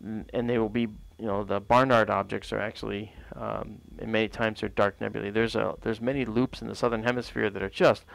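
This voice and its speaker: A man's voice: on the low side, little pitch movement, fairly quick, creaky, hardly any pauses, no echo, poor audio. A man hosting a live astronomy stream from outdoors at night, chatty and explanatory, with lots of fillers. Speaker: livestream astronomy host. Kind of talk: casual live-stream talk.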